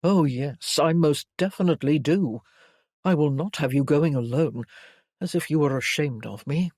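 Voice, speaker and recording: A woman voicing an ardent, possessive gentleman in a period romance, firm and insistent. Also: deep voice, normal speed, dry recording, clean studio sound.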